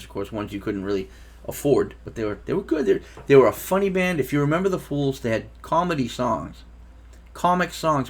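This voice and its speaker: A man in his fifties casually telling a long story as a vlogger, rambling and chuckling along. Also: mid-range voice. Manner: rambling, laughs as he tells it.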